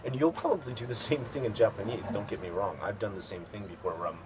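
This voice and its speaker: A man's voice: fairly low pitch, quick pace, crowd noise. A man hosting a video, telling a story in a casual, rambling way with many fillers and restarts. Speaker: video host. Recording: noticeable background noise.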